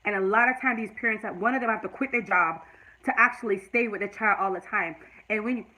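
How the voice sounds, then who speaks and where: Bright-voiced woman vlogging earnestly. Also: mid-range voice, fast talker, poor audio. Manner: tearful and earnest, then preachy and emphatic. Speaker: YouTube vlogger. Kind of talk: emotional personal vlog talk to chat.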